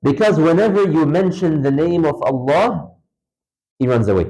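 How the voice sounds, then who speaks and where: A man with a fairly high voice lectures in a mosque hall, speaking straight to his listeners. He tells everyday examples with emphasis, his pitch jumping up and dropping back down. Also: moderate pace. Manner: animated, emphatic storytelling with wide pitch swings; conversational, addresses listeners directly. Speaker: Islamic lecturer. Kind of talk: classroom religious lecture.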